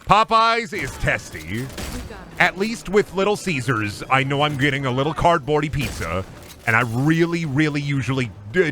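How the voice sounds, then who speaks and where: A man's voice: medium pitch, bright, forceful tone, a little hiss or hum. Profane, rambling young streamer man. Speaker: game streamer. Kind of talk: casual livestream chat.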